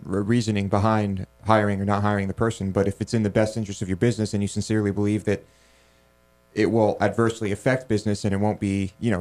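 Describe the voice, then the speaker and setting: A man's voice: on the low side, a little mellow. A man co-hosting a talk radio show who teases the host and jokes around between opinions. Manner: joking, teasing. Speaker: co-host and producer. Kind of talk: casual radio show banter.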